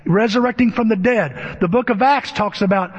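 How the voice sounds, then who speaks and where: High-voiced male preacher in a reverberant hall. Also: moderate pace, breathy edge. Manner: emphatic preaching with rhetorical questions. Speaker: pastor. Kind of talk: sermon. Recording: dull lo-fi with long hall reverb.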